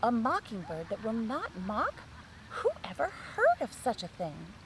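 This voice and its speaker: A fretful mother mockingbird frets over her son in a slightly lower, gentle voice, as a woman reads her aloud. The storybook reading is slow and expressive. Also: slight background noise, full character voice, rough recording.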